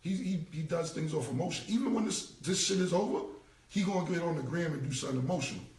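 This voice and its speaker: A man's voice: a little high, animated, fast, a little mellow, echoey room, distant mic. A man, talking bluntly and repetitively in a casual live-stream rant. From United States. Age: 40s. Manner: blunt, repetitive street talk. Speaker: rapper.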